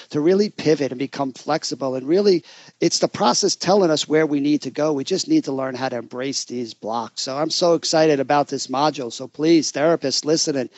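A man, a therapist co-hosting a podcast, talking in a gentle, reflective way. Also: a little high, dry recording, dull audio. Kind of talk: casual podcast conversation.

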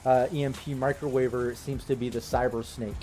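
A man's voice: medium pitch, little pitch movement, a little fast, warm tone, faint music behind. A man running a tabletop role-playing game as game master, narrating the action in a loose, casual way full of fillers.

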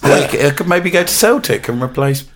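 A man's voice: fairly high pitch, animated, fast talker. A man in a casual football chat, joking and easygoing.

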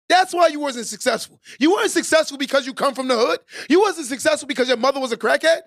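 A man hosting a podcast, delivering an emphatic, preachy motivational monologue that repeats key lines and builds to shouted exhortations. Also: very high voice, quick pace, few pauses. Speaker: podcast host.

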